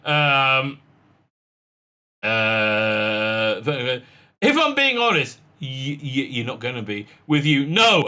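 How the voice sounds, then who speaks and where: A commentary vlogger offers sarcastic commentary, reading quotes aloud with plenty of fillers and laughs. His voice is a little high, sing-song, and slow, with a bright, forceful tone.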